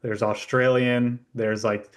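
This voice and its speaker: Male podcast guest, mid pitch, easygoing and explanatory. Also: takes it slowly. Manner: relaxed, explanatory, laughs easily. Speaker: guest, company founder. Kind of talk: casual interview chat.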